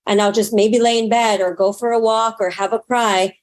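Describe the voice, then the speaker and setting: A woman with a steady, somewhat high voice talks at a moderate pace as a guest in a casual interview. The spiritual teacher and astrologer is frank, sometimes swears, and dramatizes what she tells herself in quoted asides.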